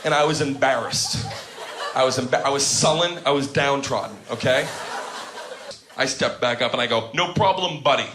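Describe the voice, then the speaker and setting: A man's voice: mid-range voice, moderate pace, pauses often, background noise. A man doing a stand-up comedy routine, telling a story with mock outrage and acting out the other people's lines. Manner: animated, mock-outraged storytelling with acted-out quotes.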